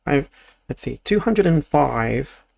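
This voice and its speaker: A man's voice: mid-range voice, animated, takes it slowly, vocal fry, darkish tone, husky. A young adult man from Australia, chatting casually on a livestream, rambling and thinking aloud with lots of restarts. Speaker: streamer. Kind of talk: casual livestream chat while building.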